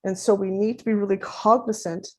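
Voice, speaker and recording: A woman in her fifties giving a conference talk as a parent advocate, animated and acting out quoted dialogue as she explains. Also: medium pitch, fairly quick. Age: 50s.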